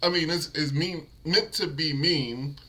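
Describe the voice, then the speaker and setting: A man's voice: on the high side, unhurried, sharp tone, rough recording. A man hosting a reaction video, giving laid-back commentary straight to his viewers with frequent chuckles.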